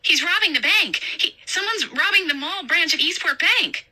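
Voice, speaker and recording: A woman's voice: very high voice, lively intonation, normal speed, pushed and bright, pitched above the performer's own voice, heavily acted. A woman reading a story aloud and voicing a frightened but brave young mall worker in a raised, urgent voice. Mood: panicked. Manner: urgent, breathless, alarmed.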